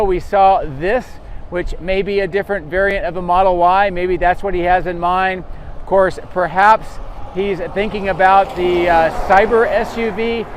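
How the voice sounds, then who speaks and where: High-voiced man narrating a drone vlog. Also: slight background noise. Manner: easygoing, many "uh" fillers. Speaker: drone vlogger. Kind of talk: casual narrated update.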